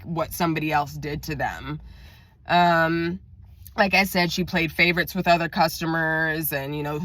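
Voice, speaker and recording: Woman vlogger, lowish voice, chatty venting storytime, dry close mic. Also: no echo. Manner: chatty, venting, acts out quotes in raised voice. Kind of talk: casual storytime vlog.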